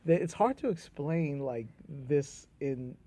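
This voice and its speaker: A middle-aged man with a New York accent, a comedian and playwright chatting as a guest in an animated, storytelling way. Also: on the high side, takes it slowly. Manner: animated storyteller, drops into quoted voices and laughs. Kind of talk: casual conversation.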